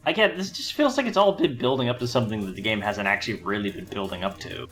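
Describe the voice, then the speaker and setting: A man's voice: lowish voice, expressive, fast, fairly bright tone. A man in a casual game chat, rambling with many fillers. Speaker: podcast co-host. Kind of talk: casual chat over gameplay.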